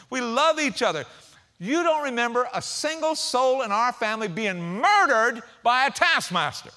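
A man acting out a stern father telling his son about his past, loud and impassioned, every phrase pressed hard. The voice stays bright and lively in pitch. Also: heavily acted. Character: stern old father recalling slavery.

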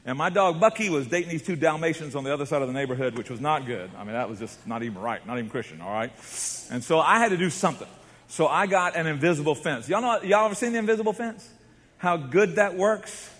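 A man preaches from the pulpit, his voice sitting a little high for a man. He tells stories with drama, dropping to a hush and then rising to a shout, while a long reverb trails off in a large church hall. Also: expressive, quick pace. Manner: dramatic storytelling, swings from hushed to shouting. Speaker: pastor. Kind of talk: sermon.

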